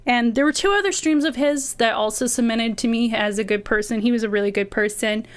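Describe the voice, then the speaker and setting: Passionate, slightly high-voiced woman streamer. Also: fairly quick, smooth. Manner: passionate, can sound indignant; rambling, many fillers. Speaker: VTuber streamer. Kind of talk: casual livestream chat.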